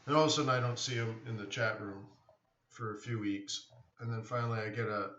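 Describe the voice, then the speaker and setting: A man chats loosely with his viewers and often restarts his sentences. His voice sits a little low but comes across bright and forceful. The sound is dull and distant, as if the mic is across an echoing room. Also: fairly even intonation, brisk, a little hiss or hum. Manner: rambling, answers chat questions, many restarts. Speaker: live trading stream host. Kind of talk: casual live-stream chat.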